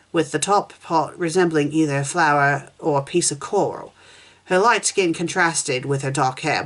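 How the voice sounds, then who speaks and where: A woman reading a first-person fan story aloud at a steady pace, with small slips and restarts as she goes. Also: low-pitched. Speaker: fanfiction reviewer.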